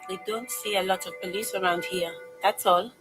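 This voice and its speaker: A woman's voice: medium pitch, steady tone, normal speed, over music, lightly acted, poor audio. A woman voicing a wary adult female gardener in a video game, guarded and a little defensive.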